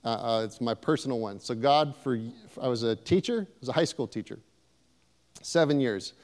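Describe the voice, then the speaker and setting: A man's voice: medium pitch, lively intonation, moderate pace, a little mellow. Emphatic male preacher in a reverberant hall. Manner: emphatic, repetitive declarations. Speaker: pastor. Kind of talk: sermon.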